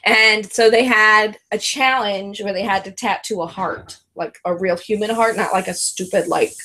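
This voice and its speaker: A woman co-hosting a reality TV review show, chatting casually and rambling, laughing often and using lots of "like" and "um". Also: normal speed. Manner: mimics others in a high, excited voice when retelling. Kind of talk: casual chat.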